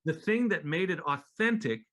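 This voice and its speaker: A man talking as a guest in a casual interview, laid-back and profane, acting out other people's lines in a high voice and laughing often. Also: normal speed. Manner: animated storyteller, acts out quotes in high voices. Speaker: guest musician.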